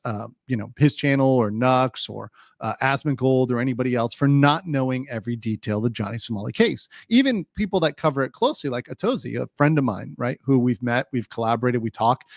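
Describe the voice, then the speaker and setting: A man's voice: medium pitch, no echo, studio quality. A man doing casual live-stream legal commentary, chatty with lots of fillers, reading viewer chat aloud and a little hiccupy. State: has the hiccups.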